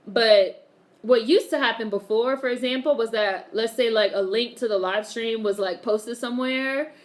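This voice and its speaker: A woman with a fairly high voice talks at normal speed. As a live streamer, she keeps things casual, reads viewer comments aloud, swears without hesitation, and laughs often.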